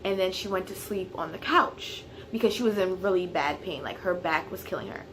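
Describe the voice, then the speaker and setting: A woman telling a personal story in a casual vlog, chatty and full of fillers, turning loud and heated at the tense parts. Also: fairly low pitch, brisk, slight background noise. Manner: grows loud and heated when retelling the fight. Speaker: vlogger.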